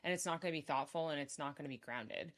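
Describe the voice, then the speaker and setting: A young adult woman guest on a podcast, chatting casually and with energy. Her voice sits low for a woman, and she talks fast. She keeps slipping into little acted-out lines of dialogue. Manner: animated, acts out sample lines of dialogue. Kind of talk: casual conversational interview.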